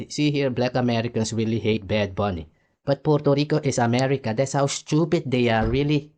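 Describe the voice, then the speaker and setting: A man's voice: lowish voice, a little mellow. A man from Suriname, hosting a heated, mocking commentary rant over clips and repeating catchphrases. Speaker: commentary channel host.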